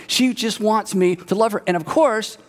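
A man's voice: sits high, moderate pace, long reverb tail. A man preaching a conversational sermon, repeating words for emphasis. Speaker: pastor.

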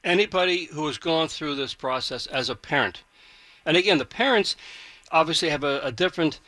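A man with a bright, forward voice hosts a radio interview and asks long, rambling questions full of restarts. The sound is close and dry. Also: on the high side, animated, brisk, dry recording. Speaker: radio host.

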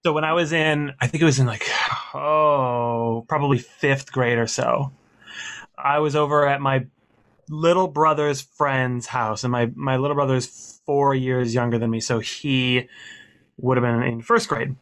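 A man's voice: medium pitch, steady tone, unhurried, fairly bright tone. A man on a casual call, an easygoing storyteller. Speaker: guest. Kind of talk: casual video-call chat.

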